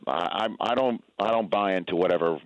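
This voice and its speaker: A man's voice: sits low, brisk, no echo, dull audio. An American man, a sports broadcaster, chatting as a radio guest in a joking, rambling way with many restarts. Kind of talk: casual radio interview chat.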